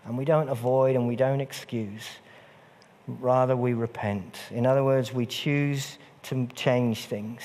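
A man's voice: mid-range voice, steady tone, unhurried, a little mellow. Earnest preacher man, long church reverb. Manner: earnest, repeats phrases for emphasis. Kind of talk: sermon. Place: church hall.

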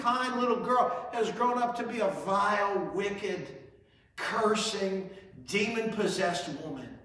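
A man's voice: high voice, sharp tone, heavy reverb, far from the mic, rough recording. A man preaching a sermon as pastor, his emphasis rising and falling. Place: church sanctuary.

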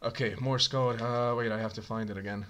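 A man reading a bomb manual aloud in a casual co-op game, hurried and muttering. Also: mid-range voice, fairly even intonation, fairly bright tone. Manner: hurried, mutters while searching, bursts into laughter. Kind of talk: casual gaming chat.

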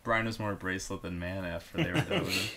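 A man's voice: sits low, fairly even intonation, fast talker, a crowd in the background. A man on a casual podcast who drops dry one-liner jokes into the chat. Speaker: podcast co-host, band member.

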